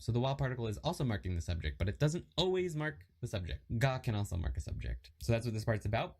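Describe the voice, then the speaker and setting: Chatty man explaining, lively pitch. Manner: relaxed and chatty, reads and repeats example sentences. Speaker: Japanese learner teaching lessons. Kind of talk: casual lesson explanation.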